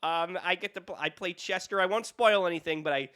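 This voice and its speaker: A man's voice: sits high, a little fast, pushed and bright, clean tone. A young man hosting a casual podcast chat, rambling and self-mocking, often breaking into laughter. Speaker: podcast host.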